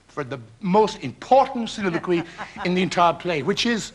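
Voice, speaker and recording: A man with an Irish accent, a talk show guest from Ireland, telling a story in an animated, theatrical way and laughing through his words. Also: sits high, normal speed. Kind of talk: lively anecdote on a talk show. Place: television studio with audience.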